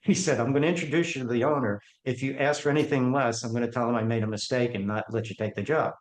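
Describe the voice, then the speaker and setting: A man's voice: medium pitch, quick pace. A man, a podcast guest, telling stories from his career and acting out the voices of people in them. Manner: animated, acts out the voices in his anecdotes. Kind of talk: storytelling in an interview. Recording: echoey room.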